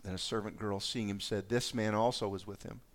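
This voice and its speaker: A man's voice: fairly low pitch, fairly even intonation, a little fast. A man preaching a sermon, reading scripture aloud and reflecting on it in a conversational way. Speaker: pastor.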